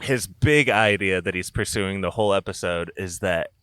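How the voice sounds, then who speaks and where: A man hosting a podcast in casual chat, giggly and animated as he talks. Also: sits low, normal speed, smooth, dry recording. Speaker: podcast host.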